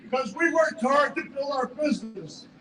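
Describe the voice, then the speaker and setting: A man giving an emotional, stammering speech at an outdoor protest rally, heard through an echoey loudspeaker from a distance. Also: very high voice, normal speed, slight background noise. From Canada. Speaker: rally speaker, business owner. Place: outdoor city square rally.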